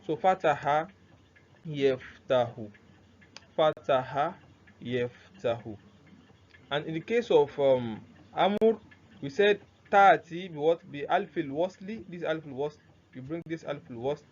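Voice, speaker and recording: A man teaching Arabic grammar in a recorded lesson, often asking rhetorical questions and repeating words slowly. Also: fairly high pitch, a little mellow. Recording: dull lo-fi recording with faint noise.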